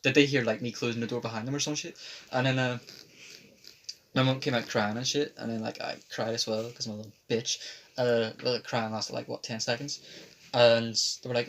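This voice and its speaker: A man's voice: medium pitch, fairly even intonation, a little fast, fairly bright tone. A young man, telling a rambling, sweary story on a casual podcast. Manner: rambling, swears a lot, mimics others in quotes. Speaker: podcast host. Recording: faint background noise.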